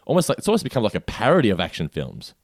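A man co-hosting a podcast in casual chat, laughing easily and talking in quick restarts full of fillers. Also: fairly low pitch, huge pitch swings, dry recording, studio quality. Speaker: podcast co-host.

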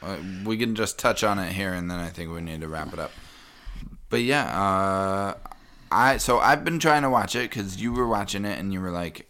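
A man's voice: fairly low pitch, moderate pace, bright, forceful tone, clean tone. A man co-hosting a podcast, talking in a rambling, self-interrupting way and laughing often. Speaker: podcast co-host. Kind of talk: casual chat.

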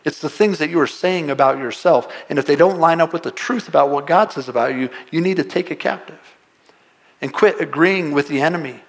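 A man's voice: a little high, a little fast. A male pastor preaching a sermon to a live congregation, earnest and pleading, often repeating words and asking rhetorical questions.

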